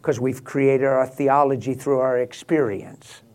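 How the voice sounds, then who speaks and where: A man preaching a sermon, rising to passionate, laughing exclamations and dropping to a hushed prayerful tone. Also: medium pitch, steady tone, unhurried. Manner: drops to a hushed prayerful tone near the end.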